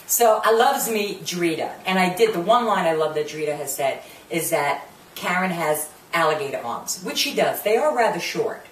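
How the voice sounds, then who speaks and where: A woman's voice: on the low side, expressive, normal speed, recorded from a distance, a little hiss or hum. Brash foul-mouthed New woman. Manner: brash, swearing, drops Italian curses, mocks cast members. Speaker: reality TV reviewer. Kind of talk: profane ranting show review. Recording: echoey room, voice a bit off-mic, faint ambience.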